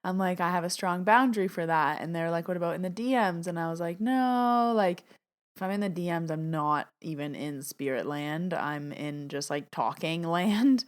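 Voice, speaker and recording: A woman hosting her own podcast as a psychic medium, telling personal stories in a chatty way, full of "like" and acted-out quotes. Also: moderate pace. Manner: chatty, lots of "like", acts out quotes with big pitch jumps. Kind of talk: casual storytelling monologue.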